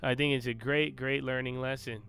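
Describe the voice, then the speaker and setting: His voice sits at medium pitch, steady and clear with a resonant, fairly bright tone and some vocal fry, moving at normal speed. A young man streaming live trades, he brags, curses and banters cockily with his chat as faint music runs behind.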